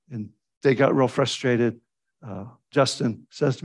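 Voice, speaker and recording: Man preaching an animated sermon. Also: measured pace, husky. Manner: animated storytelling with sudden pitch jumps when quoting; fillers and restarts, conversational preaching.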